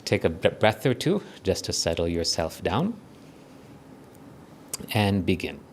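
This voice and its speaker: A man with a South African accent gives a gentle, conversational devotional talk to a small group. He guides a meditation and often checks in with his listeners. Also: low voice, sing-song, measured pace, a little hiss or hum. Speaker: spiritual speaker leading a meditation.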